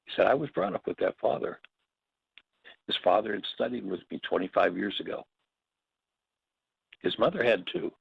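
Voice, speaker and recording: A man's voice: on the low side, big pitch swings, normal speed, creaky, pauses often, husky, highs cut off. A man teaching a workshop, telling stories and slipping into short acted quotes. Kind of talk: reflective spoken teaching.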